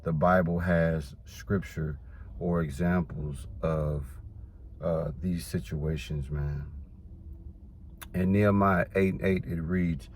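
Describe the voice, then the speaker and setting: A man with a very low voice gives an informal Bible teaching. He reads scripture verses aloud and then explains them in plain words. His talk is loose and conversational, dotted with "man" and "you know". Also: fairly even intonation, slow, darkish tone, a little hiss or hum. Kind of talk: casual preaching to camera.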